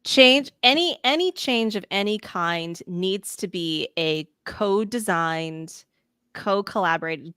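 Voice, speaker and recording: A woman's voice: on the low side, fairly bright tone, clear, resonant tone, no room sound, studio quality. A woman consultant giving interview answers, articulate and emphatic, laughing now and then. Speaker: guest, change management consultant.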